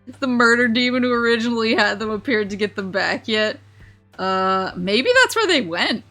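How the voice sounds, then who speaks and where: A woman's voice: fairly high pitch, animated, normal speed, bright, forceful tone, faint music behind. A young woman streaming a casual chat, giggling often and rambling with lots of restarts. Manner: giggly, rambling, self-interrupting. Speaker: vtuber streamer.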